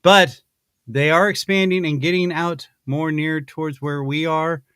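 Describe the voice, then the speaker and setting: Guy hosting a chat show, goofy ad read, keeps restarting, kinda high voice. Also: fairly even intonation, measured pace, a bit bright, clear, resonant tone, no room sound. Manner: rambling, self-interrupting, playful. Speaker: podcast host.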